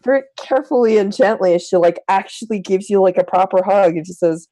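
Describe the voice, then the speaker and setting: A woman's voice: medium pitch, a little fast, hardly any pauses, warm tone, dry recording, low-quality recording. A woman playing a tabletop roleplaying game, talking casually with many fillers and stammers. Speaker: player. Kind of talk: actual-play roleplay chat.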